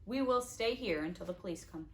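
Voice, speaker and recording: A woman's voice: medium pitch, expressive, brisk, natural voice. Frightened defiant boy, as a woman reads him, tense, pleading, storybook character.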